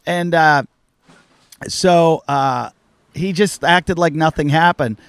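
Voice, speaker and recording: A man's voice: on the high side, takes it slowly, gravelly, clean tone, dry recording. A middle-aged man hosting a casual podcast chat, telling candid stories and swearing freely. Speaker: podcast host.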